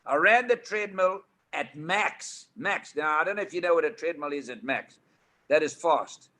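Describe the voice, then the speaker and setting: Brief: South African man in his eighties, energetic raconteur, bright tone. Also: fairly high pitch, moderate pace. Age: 80s. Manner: lively, emphatic, laughs at his own stories. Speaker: guest. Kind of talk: animated storytelling.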